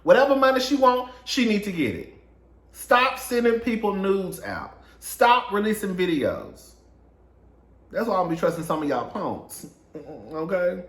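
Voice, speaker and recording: A man's voice: high-pitched, big pitch swings, unhurried, fairly bright tone, roomy sound. A man doing a casual celebrity gossip monologue, sassy and laughing often, calling listeners girl and honey. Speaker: gossip commentator.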